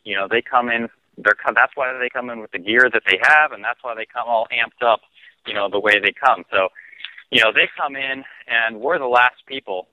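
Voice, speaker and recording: A man telling a personal story as a radio guest, calm and halting, with "you know" in nearly every phrase. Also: medium pitch, no echo. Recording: dull lo-fi dry broadcast audio.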